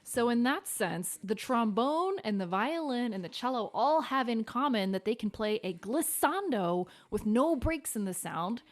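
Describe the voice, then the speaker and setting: A woman's voice: a little high, expressive, measured pace, hardly any pauses. A woman hosting a children's music stream, upbeat and patient as she explains and sings out the notes. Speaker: host and cellist.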